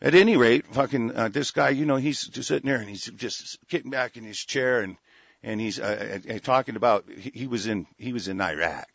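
A man's voice: medium pitch, brisk, vocal fry, a bit bright, no room sound. A man ranting angrily in a profane commentary, cursing heavily and stumbling over restarts. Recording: dull lo-fi recording.

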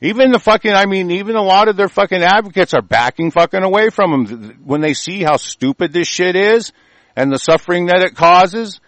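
A man's voice: high-pitched, a little fast, a bit bright, no room sound. A man ranting on air, angry and profane, rambling with many restarts. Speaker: host reading and ranting on air.

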